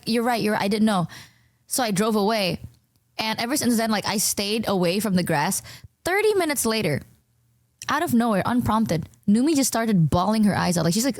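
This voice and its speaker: Young female streamer, casual and swearing, voices the other people in her stories, slightly high voice, dry close sound. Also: dry recording. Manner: animated, swears a lot, acts out dialogue in higher voices.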